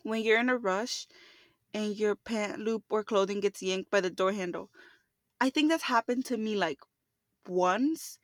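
A young woman chatting casually, relaxed and quick to laugh. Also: mid-range voice, dry recording, clean studio sound. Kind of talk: casual chat.

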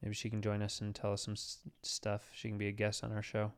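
A man's voice: lowish voice, completely flat delivery, fairly quick, clean tone. A man co-hosting a casual podcast chat, easygoing, laughing often and acting mock-scandalized. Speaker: podcast co-host.

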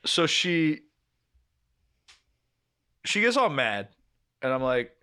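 A man in his twenties telling an animated story in casual podcast chat, swearing freely. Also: medium pitch, a little slow, pauses often, clean tone. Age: 20s. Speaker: podcast co-host.

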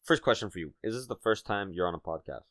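Young male co-host, low voice, slangy and teasing, dry close sound. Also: animated, fast, a bit bright, no room sound. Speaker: podcast co-host. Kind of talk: casual chat.

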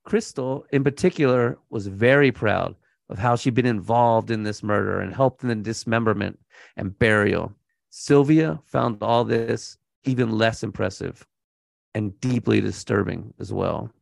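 A man's voice: on the low side, measured pace, vocal fry, no echo, clean studio sound. A man co-hosting a true crime podcast, telling the story in a laid-back, casual way and laughing now and then. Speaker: podcast co-host.

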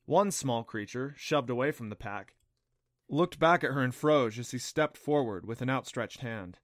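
A male narrator reading an adventure audiobook at a mid pitch, steady and clear. The sound is dry and close, with no room echo at all. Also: moderate pace. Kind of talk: scripted narration.

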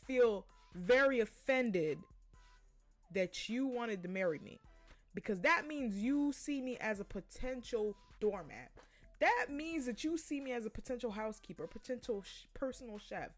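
A woman hosting a podcast, giving her opinions in a blunt, profane, casual monologue and laughing often. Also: on the high side. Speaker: podcast host.

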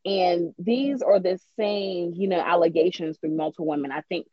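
A woman's voice: lowish voice, normal speed, dry recording. Woman rambling through gossip on a podcast, lots of ums, dry muffled sound. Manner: rambling storyteller with many fillers. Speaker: podcast co-host. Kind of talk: casual gossip chat. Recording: slightly dull lo-fi sound.

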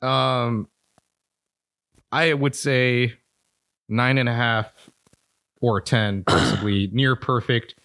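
A male podcast co-host giving his take on a film in relaxed, profane conversation. He hesitates a lot and laughs easily. His voice is mid-pitched and recorded close and dry. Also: slow pace, vocal fry, long pauses, no room sound. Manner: laid-back, profane, hesitant with fillers and laughs. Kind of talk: casual film review chat.

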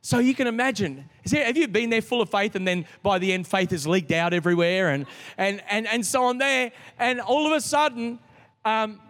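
A middle-aged man preaching a sermon as a pastor, telling a story with lively restarts. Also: high-pitched, a little fast. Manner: storytelling, animated, with frequent restarts. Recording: long reverb of a large hall.

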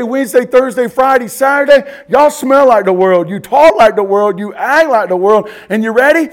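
Pastor in his forties, high tenor, lively teaching sermon, keeps checking "you ready?". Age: 40s. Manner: animated, asks the listeners questions and repeats "you ready?". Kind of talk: expository Bible teaching sermon.

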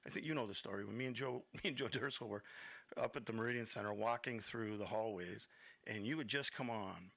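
A man's voice: fairly low pitch, fairly quick, gravelly, a bit bright, dry recording. A man hosting an internet radio interview show, talking in a nervous, rambling, chuckling way. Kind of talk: casual interview chat.

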